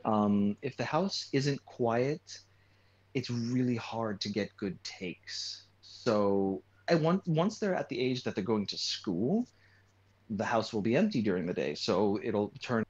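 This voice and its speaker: A man's voice: on the low side, lively intonation, slow, a little mellow, breathy edge. A man chatting casually as a guest voice actor, plain-spoken and matter-of-fact. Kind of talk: casual chat. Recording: muffled lo-fi mic.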